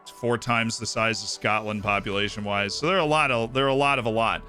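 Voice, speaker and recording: Bright-voiced chatty American man. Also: on the low side, fairly even intonation, quick pace, soft background music. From Tampa, Florida. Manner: rambling, chatty, many asides and "right?" tags. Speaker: streamer. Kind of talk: casual chat while streaming a football management game.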